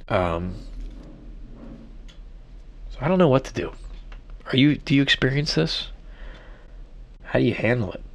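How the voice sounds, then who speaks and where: A middle-aged man talks alone into his podcast mic, musing aloud and doubling back over his own words. His voice sits a little low and his talk is casual and unscripted. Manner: rambling, self-reflective, frequent restarts. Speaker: podcast host. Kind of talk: casual solo podcast monologue.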